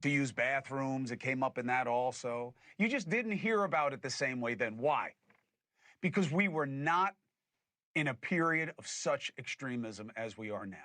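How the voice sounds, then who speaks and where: A man's voice: medium pitch, lively intonation, normal speed, bright, forceful tone, no echo. A man hosting a political commentary show, arguing his points emphatically and putting things in plain terms. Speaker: host.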